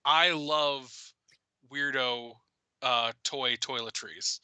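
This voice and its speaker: A man's voice: mid-range voice, steady tone, extremely slow, sharp tone, clear, resonant tone, no echo. A man in his thirties co-hosting a casual geeky stream, chatty and rambling, laughing often as he talks. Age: 30s. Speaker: podcast co-host. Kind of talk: casual chat.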